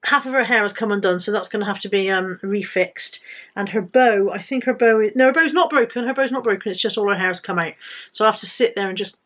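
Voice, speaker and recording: A woman's voice: mid-range voice, a little fast, fairly bright tone. A British woman vlogging casually about items she bought to resell, chatty and rambling with self-corrections. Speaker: resale vlogger. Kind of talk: casual haul vlog.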